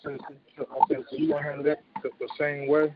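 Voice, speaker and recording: A man's voice: fairly high pitch, little pitch movement, normal speed. A man in casual chat, chiming in with short questions. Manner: brief questioning interjections. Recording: dull lo-fi recording off-mic with faint noise.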